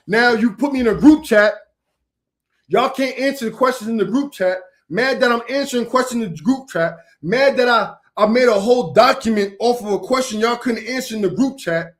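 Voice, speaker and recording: A man's voice: very high voice, a little fast. A man talking in an informal vernacular, ranting confrontationally on a livestream and calling out a rival directly, repeating himself. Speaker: online preacher. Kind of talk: heated livestream rant.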